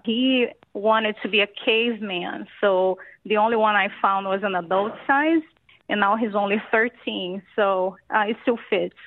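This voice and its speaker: A woman's voice: medium pitch, no echo. A woman in her forties from California, speaking to a radio show by phone in a cheerful, practical way with light laughs. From California, USA. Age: 40s. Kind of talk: casual phone interview. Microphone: telephone. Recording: tinny phone line.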